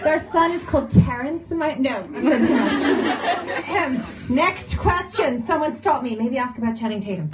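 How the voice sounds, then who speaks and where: A woman's voice: high voice, animated, moderate pace, over a noisy crowd. A woman author on a bookshop panel, joking and laughing as she interjects. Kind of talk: casual panel banter. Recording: distant phone recording with loud background noise.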